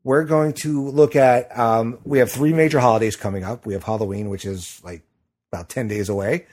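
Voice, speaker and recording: A man's voice: medium pitch, fairly even intonation, a little fast, darkish tone. A middle-aged man hosting a podcast in casual chat, rambling with lots of fillers and restarts. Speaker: podcast host.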